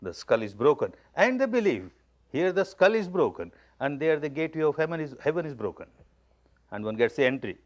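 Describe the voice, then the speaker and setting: Fairly high-pitched and sing-song, this Indian man speaks fairly quickly. As a spiritual teacher delivering a discourse, he states his points plainly and with emphasis, repeating key phrases through his stories.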